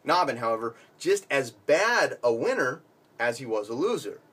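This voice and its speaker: Husky-voiced man telling a long joke. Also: medium pitch, normal speed. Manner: animated storytelling. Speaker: joke teller.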